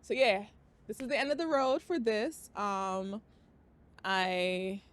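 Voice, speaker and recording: A young woman from Africa hosting her own podcast, talking casually and openly to camera, swinging from loud excitement to quiet earnestness. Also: mid-range voice, takes it slowly. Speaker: podcast host. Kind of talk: casual confessional talk to camera. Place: outdoor balcony.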